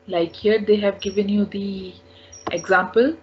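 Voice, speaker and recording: Slow, patient woman teaching French. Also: mid-range voice, level tone, a little hiss or hum. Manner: patient, repeats each word several times. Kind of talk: slow language lesson. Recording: dull lo-fi recording.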